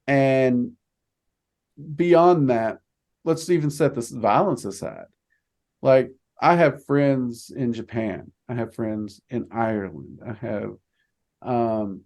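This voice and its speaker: Chatty American man telling a story. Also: mid-range voice. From United States. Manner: chatty storyteller, quotes others in animated voices. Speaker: podcast host. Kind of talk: casual conversation.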